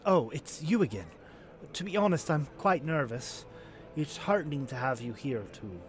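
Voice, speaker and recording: An earnest, polite teenage boy stepping into the big city in a fantasy video game, put on by a male streamer. He is nervous but eager, his speech a little formal and stiff. The voice sits somewhat high, with soft game music faintly behind it. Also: animated, normal speed, lightly acted.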